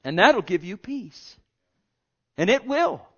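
A man preaching a sermon with passion, swinging between loud pleading and hushed, almost whispered lines. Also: high voice, big pitch swings, slow pace, breathy edge. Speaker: pastor. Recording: lo-fi dull sound.

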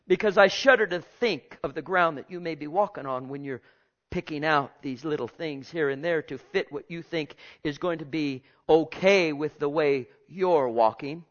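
Male pastor, fairly high voice, preaching with loud-soft swings and repeats, dull lo-fi sound. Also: moderate pace. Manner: preaching with sudden swings in loudness, repeating phrases; asks the congregation direct questions. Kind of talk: sermon.

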